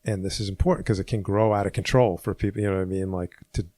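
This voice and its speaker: A man's voice: deep voice, steady tone, quick pace, warm tone, no room sound. A man co-hosting a casual podcast, talking in a rambling way with dry, wry humor. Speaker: podcast co-host.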